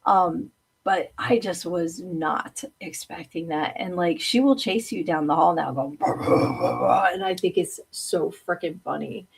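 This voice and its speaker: Female stream host, relaxed chat, lively and quick to laugh, slightly low voice. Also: creaky, slight background noise. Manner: chatty and animated, often laughing. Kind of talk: casual live-stream chat reading comments.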